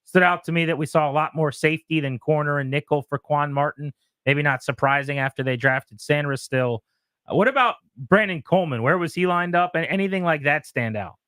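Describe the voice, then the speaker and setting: Sports radio host dude, quick questions, dry close mic. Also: male voice, a little high, fairly bright tone, clear, resonant tone, dry recording. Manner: brisk, conversational questions.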